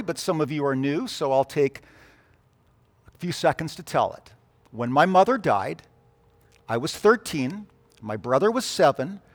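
A man preaching a sermon, telling stories and moving between hushed and emphatic delivery. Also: fairly high pitch, in a large hall. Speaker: pastor.

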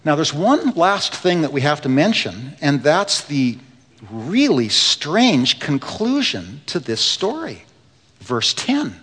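Male pastor, slightly high voice, earnest storytelling sermon that swings from quiet to emphatic, heard with long church reverb. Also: sing-song, slow pace, breathy edge. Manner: earnest storytelling preacher, swings between hushed and rising emphasis. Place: church sanctuary. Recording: long reverb of a large hall.

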